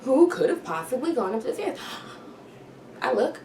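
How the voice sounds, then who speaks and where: A woman's voice: high-pitched, expressive, slow pace, pauses often, darkish tone. A woman vlogger telling a storytime tale, full of slang and sound effects. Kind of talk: storytime vlog. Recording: roomy, distant, noisy home recording.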